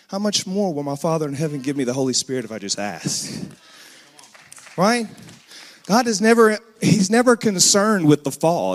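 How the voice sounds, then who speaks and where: Man in his thirties, slightly high voice, earnest storytelling preacher with emphatic bursts. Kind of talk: sermon.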